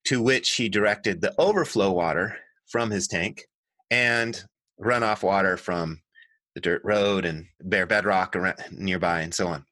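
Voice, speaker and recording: A middle-aged man, an author and designer, telling stories as an interview guest in an earnest, animated way that often corrects itself mid-sentence. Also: low-pitched, measured pace, dry recording. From United States. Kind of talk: conversational storytelling.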